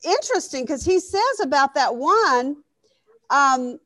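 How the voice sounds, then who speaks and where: A woman's voice: high-pitched, animated, unhurried, bright, forceful tone, dry recording. A woman teaching a Bible study class in a conversational way, often asking the group questions. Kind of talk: interactive Bible lesson.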